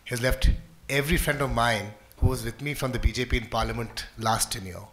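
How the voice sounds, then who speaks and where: A man with an Indian English accent debates on a TV panel in an even, middle-pitched voice. He jokes easily and trips over his words, restarting sentences as he goes. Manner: halting, jokey, many restarts. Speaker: member of parliament, panel guest.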